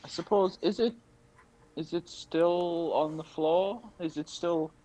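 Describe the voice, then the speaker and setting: A man's voice: a little high, slow, warm tone, low-quality recording. A man playing in a tabletop game, casual and unsure, often asking about the rules. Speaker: player.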